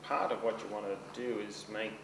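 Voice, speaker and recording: A man's voice: on the low side, fairly quick, vocal fry. Chatty man lecturing in an echoey room. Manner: conversational, checks in with the class often. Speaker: teacher. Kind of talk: seminar lecture. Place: seminar room. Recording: roomy, distant mic with background noise.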